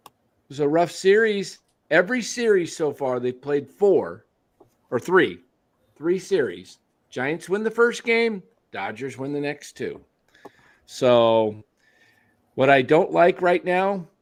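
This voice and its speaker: A man hosting a casual sports talk show, easygoing, asking his panel questions. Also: mid-range voice.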